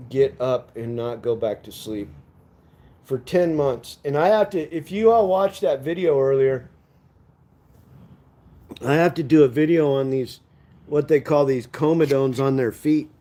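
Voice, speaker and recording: A man's voice: medium pitch, a little slow, pauses often, mellow. A man chatting casually with viewers on a live stream from home, rambling, laughing and cursing as he goes.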